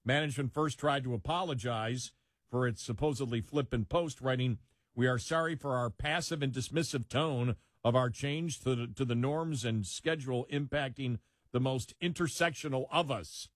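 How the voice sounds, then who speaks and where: A man's voice: mid-range voice, normal speed, no room sound, clean studio sound. A man co-hosting a talk show, reading a news story aloud with quoted passages and laughing asides. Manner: reads with frequent laughter and asides.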